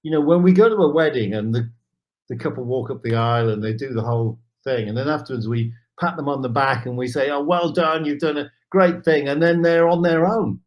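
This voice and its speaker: A man, a guest in an interview, telling an anecdote with animated asides. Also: mid-range voice, brisk, dull audio. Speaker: guest, charity founder. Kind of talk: storytelling in an interview.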